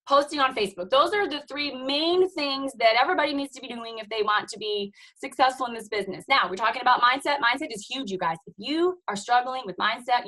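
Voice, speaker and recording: A woman's voice: on the high side, bright, forceful tone, rough recording. A woman, likely in her thirties, giving an emphatic, preachy motivational talk to her team on a video call, full of "you guys" and "okay?". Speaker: team leader speaking on a team call.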